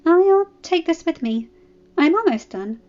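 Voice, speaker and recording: A woman plays a timid young noble girl, pitched well above her own voice and rushing out anxious pleas. The recording is a little dull, with soft music behind it. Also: expressive. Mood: anxious pleading. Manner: high, anxious pleading.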